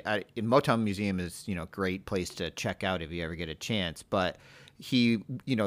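A man hosting a podcast with a low voice. He rambles through his points in a casual way. The sound is dry and close, with no room echo. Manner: rambling, heavy on "you know" fillers. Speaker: podcast host. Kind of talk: casual interview chat.

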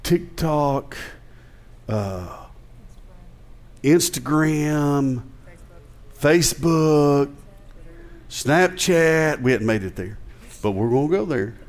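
A man with a Southern American accent preaches from the pulpit in a somewhat high voice. He keeps it conversational and joking, then climbs into loud, emphatic declarations. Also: lively intonation, very slow, pauses often. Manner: conversational preaching with jokes and rising emphatic passages. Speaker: pastor. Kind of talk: sermon.

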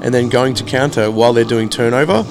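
Gravelly man telling a grumpy travel story. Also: mid-range voice, fast talker. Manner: animated, swearing, acts out quoted exchanges. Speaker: traveler staying at a hostel. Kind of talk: casual storytelling.

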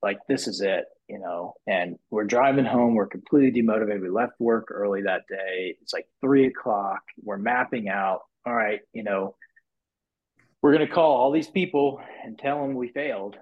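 A man, a podcast guest who owns a business, spins his story at normal speed in a casual, lively way, full of restarts and repeated "you know"s. His voice goes high when he imitates what others said. The recording is muffled, lo-fi podcast audio.

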